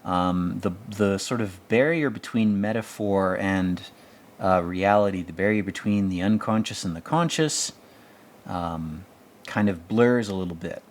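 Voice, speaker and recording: Low-voiced man in sardonic commentary. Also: unhurried. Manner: rambling, sardonic, profane. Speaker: show commentator. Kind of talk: casual commentary over a TV episode.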